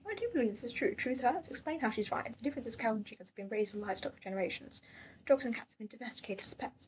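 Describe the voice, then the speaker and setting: A woman hosting a gaming channel, reading comments and chatting casually in a soft voice that often falls to a whisper. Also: fairly high pitch, lo-fi sound, a little hiss or hum.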